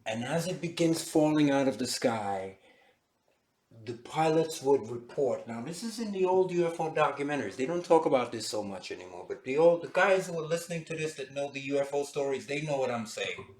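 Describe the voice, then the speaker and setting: A man giving an animated, storytelling lecture to a class. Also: medium pitch, fairly quick. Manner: animated, dramatic retelling. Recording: echoey room.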